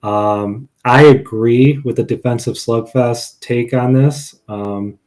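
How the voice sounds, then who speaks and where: A man's voice: medium pitch, steady tone, slow pace, darkish tone. A man co-hosting a sports betting podcast, confidently running through stats and his picks with wry asides. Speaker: podcast co-host. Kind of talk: casual sports betting chat.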